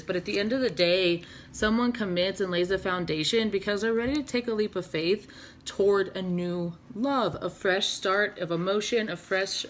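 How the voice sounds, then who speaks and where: A woman's voice: mid-range voice, fairly bright tone, a little hiss or hum. A woman doing a casual, chatty tarot reading, laughing often and swearing casually. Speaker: tarot reader.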